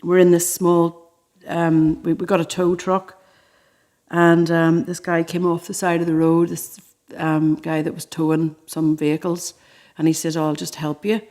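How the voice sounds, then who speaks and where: A woman's voice: fairly low pitch, unhurried. Irish woman, chatty, storytelling at home, laughs a lot. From Ireland. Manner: animated storyteller, laughs often. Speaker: musician, podcast co-host. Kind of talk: casual chat. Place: living room.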